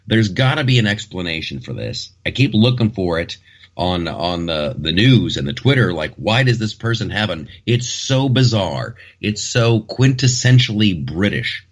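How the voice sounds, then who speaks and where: A man's voice: deep voice, very animated, moderate pace. A man hosting a casual comedic talk show, rambling and joking with frequent restarts.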